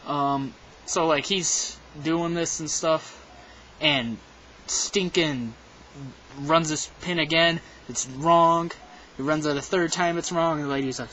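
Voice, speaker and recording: A teenage boy telling a story in a casual, rambling way, with lots of "like" and "um" and animated quotes. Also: a little high, unhurried, dull audio, slight background noise. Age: teens.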